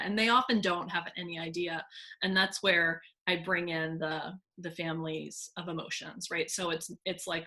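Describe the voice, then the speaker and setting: Creaky-voiced woman, lively conversation. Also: normal speed. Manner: animated, acts out quoted voices with pitch jumps. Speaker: speech language pathologist. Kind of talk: casual conversation.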